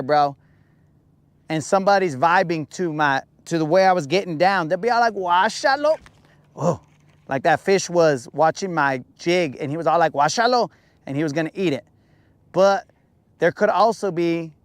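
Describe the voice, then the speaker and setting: A man hosting a casual fishing podcast, talking in a lively, slangy way and acting out the voices he quotes. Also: a little high, clean tone, dry recording. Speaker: podcast host. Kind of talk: casual chat. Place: boat on a lake.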